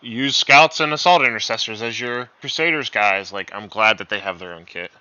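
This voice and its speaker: A man co-hosts a casual chat with a lively, animated delivery and frequent laughter. His voice sounds strongly bright and forward. The recording is dry and slightly dull. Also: on the low side, moderate pace, smooth, no room sound. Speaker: co-host.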